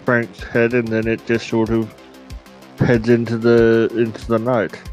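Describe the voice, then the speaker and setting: A man in a tabletop game, speaking at a middle pitch. He describes his character's actions in a relaxed, halting way with a lot of fillers. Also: soft background music, poor audio. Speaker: player. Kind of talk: casual tabletop play.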